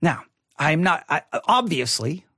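A man's voice: a little high, very animated, measured pace, bright, forceful tone, husky, no echo, clean studio sound. A man leading a Bible study lesson, reading scripture aloud and talking it through in a conversational way, often restarting his sentences. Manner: conversational, reads scripture aloud, frequent restarts and repeated words; mildly critical of typical sermons.

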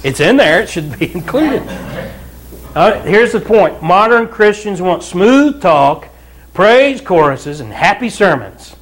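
Guy preaching in church, high-ish voice, talks casual, keeps asking amen?. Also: very animated, takes it slowly. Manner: conversational preaching with frequent asides and rhetorical "Amen?". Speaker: pastor. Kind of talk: sermon. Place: church sanctuary.

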